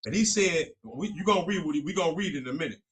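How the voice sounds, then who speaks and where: A man's voice: a little high, expressive, quick pace, fairly bright tone, breathy edge. A young man co-hosting a faith talk show, preaching on scripture in a fervent, repetitive, colloquial way. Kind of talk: preaching Bible study talk.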